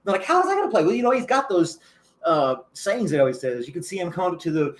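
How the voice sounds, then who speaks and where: Male host, casual and chatty, quick to laugh; slightly high voice. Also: big pitch swings. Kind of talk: casual chat.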